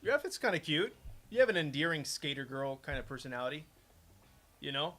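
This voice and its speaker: A man playing through his own game and rambling about it, in chatty commentary where he keeps cutting himself off. His voice sits a bit high and bright. His pitch moves a lot, rising and dropping as he talks. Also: very animated, a little fast. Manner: rambling, chatty, self-interrupting. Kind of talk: casual gameplay commentary.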